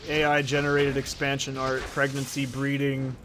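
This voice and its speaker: A man's voice: medium pitch, moderate pace, noisy background. A man hosting a game let's play, chatting casually in a rambling, profane, joking way. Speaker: gaming channel host.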